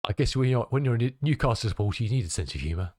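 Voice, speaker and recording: A man's voice: medium pitch, animated, rapid-fire, darkish tone, no room sound, clean studio sound. A male streamer chatting casually with his viewers, muttering to himself as he tinkers and answering chat messages.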